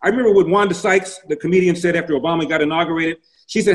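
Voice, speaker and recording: Male guest commentator, emphatic, stat-heavy, slightly high voice. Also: fairly even intonation, very fast, rough recording. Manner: emphatic, rattles off statistics. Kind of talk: political interview.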